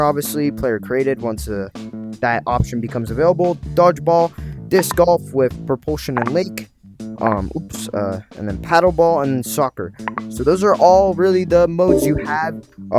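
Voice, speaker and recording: A man's voice: on the high side, a little mellow. A young man casually walking viewers through his VR game revival, rambling with lots of fillers and restarts. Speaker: game developer presenting a VR game revival. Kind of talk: casual tutorial vlog.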